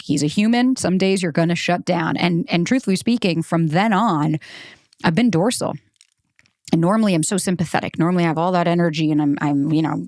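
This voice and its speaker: A woman in her thirties, a dating coach, talking candidly to listeners in a casual monologue, swearing freely with animated bursts. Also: fairly low pitch, dry recording, clean studio sound. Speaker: dating coach and podcast host.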